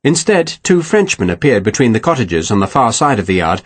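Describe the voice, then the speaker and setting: Husky male audiobook narrator. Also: fairly low pitch, big pitch swings, fairly quick.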